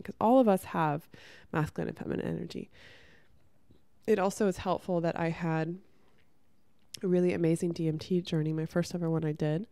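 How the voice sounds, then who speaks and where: A woman's voice: lowish voice, dark tone, clear, resonant tone, no echo. A woman speaking to camera in a candid personal monologue, earnest and rambling, full of fillers. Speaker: spiritual content creator.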